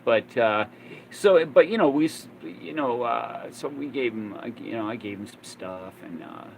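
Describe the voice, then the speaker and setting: Man in his fifties, casual rambling storyteller, mid-pitched, faint background ambience. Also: lively intonation, moderate pace, vocal fry, a little hiss or hum, rough recording. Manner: rambling, many fillers and restarts. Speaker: vlogger.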